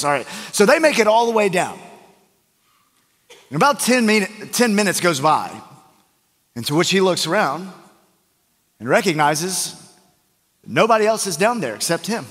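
A man's voice: sits high, very animated, moderate pace, long pauses, a bit bright. A male pastor, preaching a sermon in a casual, joking storytelling manner full of fillers and restarts. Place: church sanctuary. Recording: church hall with long reverb.

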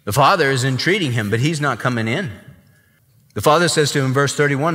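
A male pastor preaches with emphatic drama, his voice bright and pushing. His pitch rises and falls with animation. The sound rings with a long church reverb. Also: animated, a little fast. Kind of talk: sermon.

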